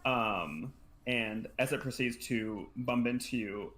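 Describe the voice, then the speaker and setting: Acting as game master for a tabletop game, a man describes scenes in a loose, rambling way full of fillers. His mid-range voice is slow and a bit bright.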